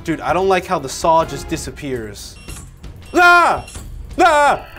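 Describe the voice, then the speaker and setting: A young man hosts a casual reaction video, full of slang and quick exclamations. His voice swings widely in pitch as he reacts. Clear music plays underneath. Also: animated.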